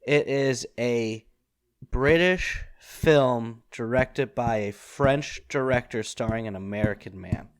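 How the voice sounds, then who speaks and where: A man's voice: mid-range voice, takes it slowly, clean tone. Chatty man rambling about a film. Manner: rambling, many fillers and restarts. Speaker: podcast host. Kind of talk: casual film discussion.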